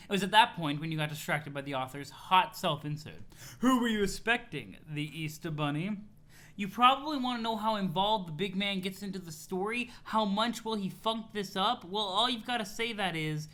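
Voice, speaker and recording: A young man reading a webcomic aloud on a live stream, excitable and swearing, switching between hype reactions and dramatic read-alouds. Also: sits high, normal speed.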